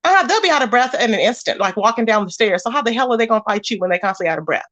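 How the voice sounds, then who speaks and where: Sassy high-voiced woman livestreamer. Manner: sassy, animated, quick to laugh. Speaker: livestream host reading chat. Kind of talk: casual livestream chat.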